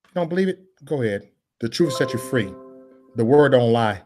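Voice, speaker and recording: A man's voice: mid-range voice, expressive, fairly quick, faint music behind. Man preaching in a slangy, repetitive rant. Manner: preaching cadence, repeats phrases, swings from loud to mumbling; casual street slang. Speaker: political vlogger. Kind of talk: preachy live-stream monologue.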